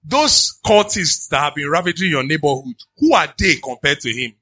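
A man preaching a sermon as pastor, reading scripture aloud and breaking into lively asides. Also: fairly high pitch, moderate pace, husky. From Nigeria. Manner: animated preaching, reads scripture then riffs with asides and laughs.

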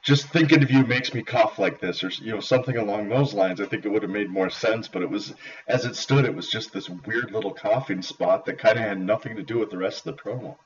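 A man's voice: on the low side, quick pace, slightly rough. A man co-hosting a casual podcast, rambling with plenty of fillers and emphatic opinions. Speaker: podcast co-host. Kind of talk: casual chat. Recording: dull lo-fi audio.

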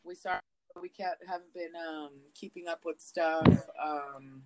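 Woman podcast host, kinda low voice, swears a ton, gets really animated telling stories. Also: a little slow, low-quality recording. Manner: profane, animated storytelling with big swings in pitch. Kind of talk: casual podcast chat.

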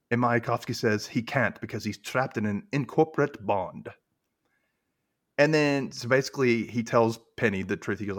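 A man's voice: mid-range voice, normal speed. A man co-hosting a podcast, casually recapping a TV episode and acting out the characters' lines in put-on voices. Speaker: podcast co-host.

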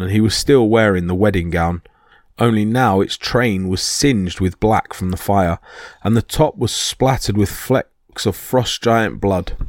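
Low-voiced man narrating a myth. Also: no room sound, clean studio sound. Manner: steady reading with small slips. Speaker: podcast host and narrator. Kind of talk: scripted storytelling narration.

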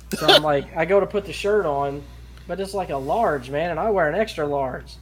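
A man's voice: a little high, normal speed, crowd noise. A man on a podcast telling a rambling, profane story and laughing along as he goes. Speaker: podcast co-host. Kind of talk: casual podcast chat.

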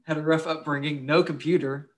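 A man's voice: a little high, steady tone, brisk. A young man co-hosting a casual podcast, crude and joking, swearing freely. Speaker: podcast co-host.

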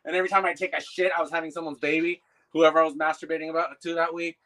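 Loud swearing dude rambling in a bright forceful voice, kinda high. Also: male voice, rapid-fire, poor audio. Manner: profane, rambling, animated. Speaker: interviewer. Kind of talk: casual chat.

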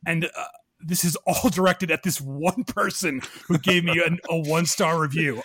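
A man with a deep, gravelly voice chatting on a podcast, ranting with self-deprecating laughs. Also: normal speed, a bit bright, no echo. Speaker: podcast host. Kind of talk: casual podcast chat.

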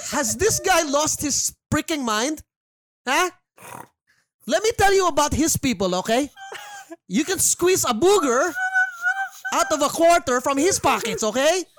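A man putting on a shrill scolding Filipino mom. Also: fairly bright tone, exaggerated voice. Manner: shrill exaggerated mock outrage. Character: scolding immigrant mother, middle-aged woman, stingy-mocking.

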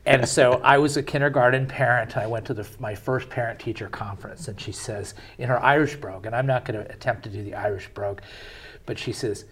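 A man with a husky, slightly rough voice hosting an interview. He tells stories in a loose, rambling way, with plenty of asides and fillers. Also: lowish voice, fast, a bit bright. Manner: conversational storyteller, rambling with fillers. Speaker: interview host and parent. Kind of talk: interview conversation.

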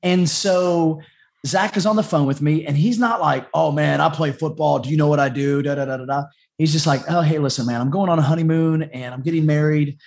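A man's voice: fairly high pitch, steady tone, brisk, vocal fry, a little mellow. A man, a dog trainer telling his story as a podcast guest, rambling and chatty with many restarts. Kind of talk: casual storytelling interview.

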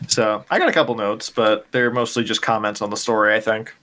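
A man co-hosting a casual book podcast, chiming in with quick remarks and corrections. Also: fairly low pitch, steady tone, sharp tone, a little hiss or hum. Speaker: podcast co-host. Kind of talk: casual book-club chat.

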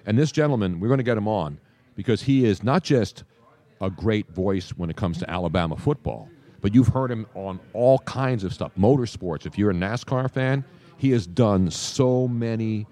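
An older man hosting a live sports radio show, talking in an animated way with trained broadcaster diction and a slight South Philly accent. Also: lowish voice, normal speed. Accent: slight South Philly under trained broadcast diction. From South Philadelphia. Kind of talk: casual radio talk. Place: radio row booth at a live event.

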